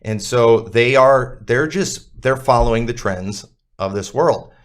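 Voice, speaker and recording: A man's voice: medium pitch, unhurried. A man co-hosting a church podcast in casual conversation, talking bluntly and emphatically with many fillers.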